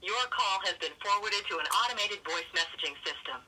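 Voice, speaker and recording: A woman's voice: medium pitch, fairly quick, husky, recorded from a distance, low-quality recording. A woman's recorded voicemail greeting playing back over a phone. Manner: flat recorded prompts. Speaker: automated voicemail system. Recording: thin speaker audio from a phone.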